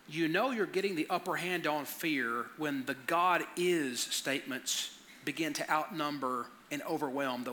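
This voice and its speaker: A man's voice: fairly high pitch, sharp tone, a little hiss or hum. A man preaching a conversational sermon, telling personal stories and often stammering and repeating words. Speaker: pastor.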